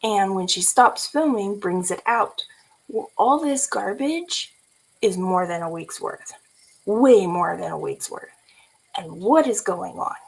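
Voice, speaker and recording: A woman's voice: medium pitch, lively intonation, slow, vocal fry, husky, poor audio. A woman in her forties from California, telling a story in a casual vlog and laughing often. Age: 40s. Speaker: vlogger.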